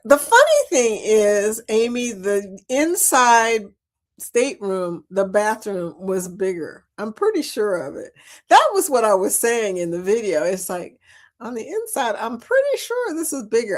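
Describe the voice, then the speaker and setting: Laughing, chatty woman host with lively pitch. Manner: chatty, laughs often, animated storytelling. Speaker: host of a cruise chat livestream. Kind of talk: casual livestream chat reading viewer comments.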